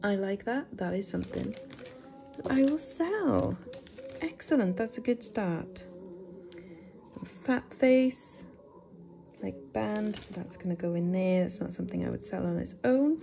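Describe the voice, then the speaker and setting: Chatty British woman with a gravelly voice. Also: mid-range voice, animated, unhurried, pauses often, mellow, rough recording. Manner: chatty, exclaiming over each find, talking to viewers. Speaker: vlogger. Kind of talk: casual unboxing chat. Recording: rustling packaging noise.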